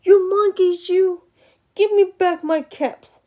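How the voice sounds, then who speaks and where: A woman voicing an angry old male cap peddler from a picture book, shouting scoldingly in a high, strained voice. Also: very slow, heavily acted. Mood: furious.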